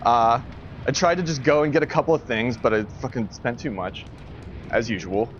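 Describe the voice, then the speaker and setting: A man's voice: medium pitch, normal speed. Rambling, swearing man telling a story. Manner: rambling, swears a lot, laughs through the story. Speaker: streamer. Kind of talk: casual storytelling to a live chat. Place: at home. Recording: dull lo-fi stream audio with faint noise.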